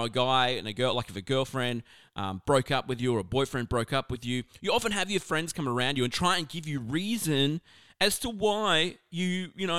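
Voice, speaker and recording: Aussie guy preaching off the cuff, chatty and animated, dry close sound. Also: on the high side, smooth, dry recording. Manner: animated and conversational, full of asides. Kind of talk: casual sermon on scripture.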